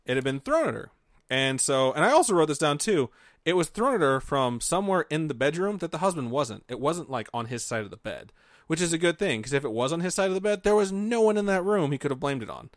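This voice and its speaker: A man's voice: fairly high pitch, expressive, fast, no echo, studio quality. A man co-hosting a podcast, telling a spooky story in a casual, joking, profane way. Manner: profane, jokey, mocking asides. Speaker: podcast co-host.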